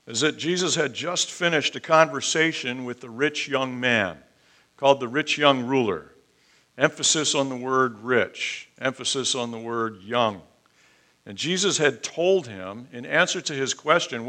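A man preaching a sermon, reading scripture aloud and explaining it in a measured, deliberate way. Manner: soft, low-voiced prayer. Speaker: pastor.

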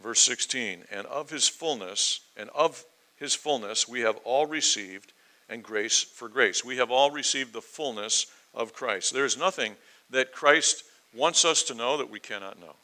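Bright-voiced man preaching a sermon. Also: medium pitch, measured pace, rough recording. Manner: earnest, emphatic, with rising intensity and quoted questions. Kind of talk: verse-by-verse sermon.

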